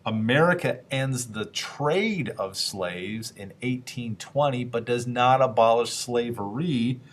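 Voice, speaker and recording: Here a man of medium pitch talks history to a class in a conversational, unfussy way. Questions go out to the listeners, and short, playful character voices for historical figures pop up before he gets back on track.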